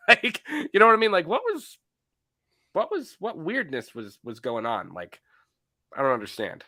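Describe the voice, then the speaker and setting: A man co-hosting a casual movie podcast, talking in an animated way, often acting out lines from scenes and laughing. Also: a little high, normal speed, dry recording. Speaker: podcast co-host.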